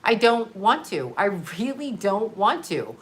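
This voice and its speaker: Woman going off on a live stream, snarky and lively, keeps laughing mid-rant. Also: medium pitch, a little slow. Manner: animated, sarcastic, laughs often.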